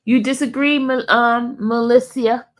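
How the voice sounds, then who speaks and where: A woman's voice: fairly high pitch, steady tone, measured pace. A woman hosting a casual live stream, chatting straight to her viewers and reading their comments aloud. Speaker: livestream host.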